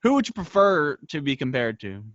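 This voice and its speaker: A man hosting a casual interview, laughing easily and asking relaxed questions. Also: a little high, fairly quick, highs cut off, heavy background noise. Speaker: interview host.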